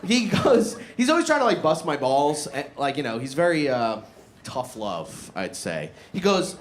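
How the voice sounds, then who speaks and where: Man, stand-up comic, higher voice with a lively swinging delivery, profane and self-mocking; live room with echo and crowd noise. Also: normal speed. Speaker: stand-up comedian. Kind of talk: stand-up set. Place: live comedy show in a barbershop. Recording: echoey room with loud audience.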